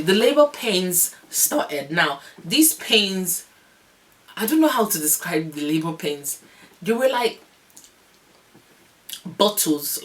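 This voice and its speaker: A young woman vlogger telling a long story in a casual, animated, rambling way, often laughing. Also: deep voice. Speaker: vlogger, new mother.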